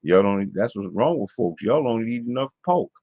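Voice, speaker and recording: A man doing an older Southern man, raised well above his own low register, drawling out a scolding at young folks. The sound is dull and lo-fi, tight and dry. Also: lively intonation, moderate pace, no room sound.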